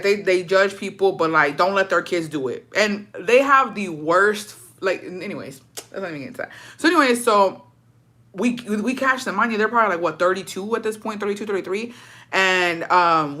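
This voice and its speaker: A woman's voice: medium pitch, normal speed. A young woman casually telling a story, full of swearing, acting out the people she quotes and dropping into Spanish now and then. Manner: profane, animated, acts out quoted dialogue; slips into Spanish phrases. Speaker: storytime vlogger.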